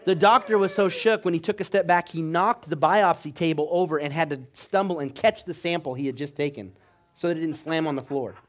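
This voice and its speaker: Exhorting male preacher, fairly high voice. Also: brisk. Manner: exhorting, with call-and-response asides; swings between loud emphasis and quiet, low delivery. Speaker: pastor. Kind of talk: sermon.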